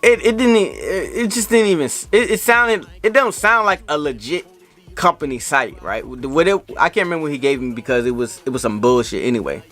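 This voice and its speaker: A man vlogging an indignant storytime rant, animated and repeating himself as he retells the story. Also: on the high side, a little fast.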